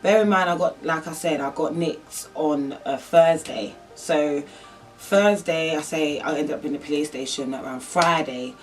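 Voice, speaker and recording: A woman's voice: deep voice, a little slow, far from the mic, faint music behind. A young woman telling a personal story in a vlog, rambling and emotional with lots of fillers. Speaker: vlogger.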